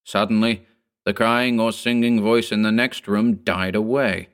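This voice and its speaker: Low-voiced man narrating a ghost story. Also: fairly even intonation, a little slow.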